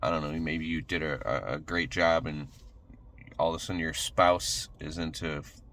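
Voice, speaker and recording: Man, very low voice, blunt and emphatic motivational talk, faint hiss behind. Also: moderate pace, a bit bright. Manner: emphatic, blunt, swears casually. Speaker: motivational speaker. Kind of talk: motivational monologue.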